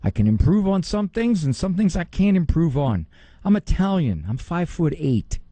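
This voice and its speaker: A middle-aged man, a psychologist, giving a lively talk and often mimicking other people in a higher voice. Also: no room sound. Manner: animated, quick to mimic others in a high voice. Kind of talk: talk on parenting and faith.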